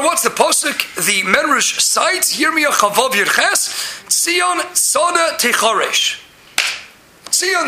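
A man's voice: very high-pitched, bright, forceful tone, roomy sound. A man giving an impassioned Torah lecture, rising to exclamations and using many Hebrew terms. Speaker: Torah teacher.

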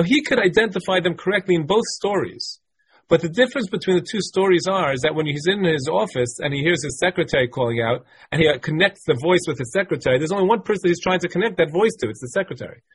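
A man with a slightly high, husky voice teaches a text-based Talmud class. He reads short passages aloud, translates them, and walks through each point patiently, often repeating phrases. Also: animated, fast talker.

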